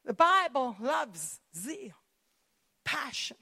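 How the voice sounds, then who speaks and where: A woman's voice: high voice, sing-song, very slow, vocal fry, pushed and bright, slightly rough. A woman preacher, delivering an emphatic sermon full of repetition.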